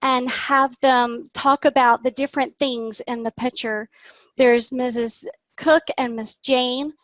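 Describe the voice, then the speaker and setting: A woman, an online English teacher, walking through a lesson plan slowly and acting out the prompts she would give a young student. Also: sits high, steady tone, fairly bright tone, no echo, lo-fi sound.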